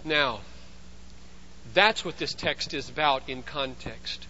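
A man preaching a sermon as pastor, emphatic, swinging between loud urgency and hushed intensity. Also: mid-range voice, slow, lo-fi sound, a little hiss or hum.

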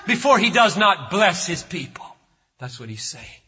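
Male preacher, sermon, high bright voice, husky edge, emphatic. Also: very animated. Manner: emphatic, builds to loud slow declarations. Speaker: pastor. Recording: lo-fi recording in a reverberant hall.

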